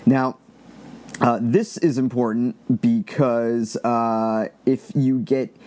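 A man's voice: medium pitch, steady tone, takes it slowly, warm tone. A man in casual commentary, reading quoted text aloud and adding blunt, exasperated asides with free swearing. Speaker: commentator reading an online thread.

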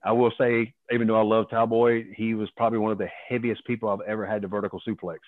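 A man in his fifties tells wild, profane stories as an interview guest and jumps into other people's voices. His voice sits low and comes through a thin, phone-like line. The sound is dry and close. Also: quick pace, no echo. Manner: profane, animated, acts out other people's lines. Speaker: guest, former pro wrestler. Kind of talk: casual storytelling.

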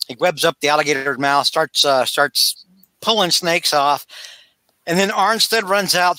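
Bright-voiced man recapping with animation. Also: a little high, measured pace, dry recording. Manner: animated storytelling, acts out characters' lines. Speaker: podcast co-host recapping a comic. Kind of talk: casual chat.

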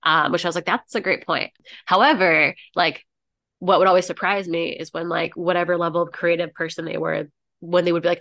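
A woman talks on a podcast with a stuffy head cold, her voice thick and nasal. She rambles casually, full of "like" and little restarts, in a slightly lower register. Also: fairly even intonation, a little fast, vocal fry, fairly bright tone, no room sound. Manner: chatty, rambling with many fillers and laughs. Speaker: author being interviewed, podcast co-host.

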